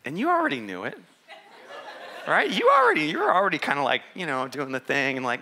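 A man's voice: on the high side, wildly swooping pitch, a little fast, bright, forceful tone, a little hiss or hum. A middle-aged man preaching a sermon, telling a story with jokes and acting out the voices of the people in it. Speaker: pastor.

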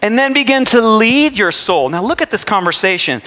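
Animated male preacher, bright and lively. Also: high-pitched, moderate pace, long reverb tail. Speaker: pastor. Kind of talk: sermon.

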